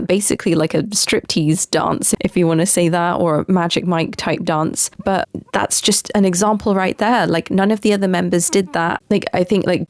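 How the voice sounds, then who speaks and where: A woman's voice: mid-range voice, a little mellow, no room sound, clean studio sound. A woman hosting a solo podcast, talking enthusiastically in a chatty way, with many fillers and restarts. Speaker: podcast host. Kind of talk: casual solo podcast commentary.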